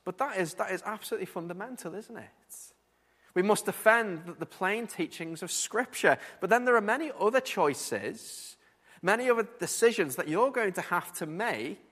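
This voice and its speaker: A man preaching a sermon, earnest and animated, often repeating words as he builds his point. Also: sits high, big-room sound.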